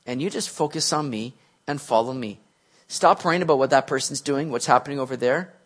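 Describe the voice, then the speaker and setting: A preacher voicing a calm, gentle teacher. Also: male voice, a little fast, close to an everyday voice. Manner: calm, casual, low-key.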